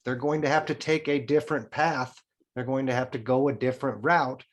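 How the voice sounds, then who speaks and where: A man with an ordinary mid-range voice talks about spiritual ideas as a podcast guest. He speaks with earnest conviction and sets out each idea in a steady, deliberate way. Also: mid-range voice. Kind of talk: spiritual talk.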